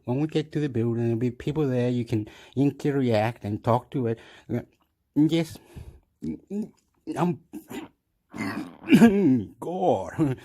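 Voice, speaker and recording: A man's voice: mid-range voice, mellow. A man from Chile, telling a rambling story with frequent laughs and stammered restarts. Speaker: vlogger.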